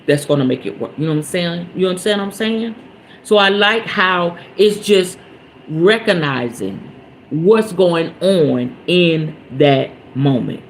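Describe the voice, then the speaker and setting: A woman's voice: fairly low pitch, takes it slowly, slight background noise. Emphatic, swearing woman telling a story. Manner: animated, emphatic, salty slang and swearing; checks in with listeners often. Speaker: podcast host. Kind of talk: casual storytelling talk on mindfulness.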